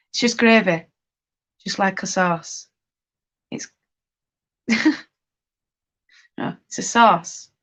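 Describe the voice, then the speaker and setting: A woman hosts a relaxed live stream, talking slowly and easily as she knits. She answers viewers' comments in a chatty, friendly way and laughs often. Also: mid-range voice. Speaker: livestream host. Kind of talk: casual chat while knitting, reading chat.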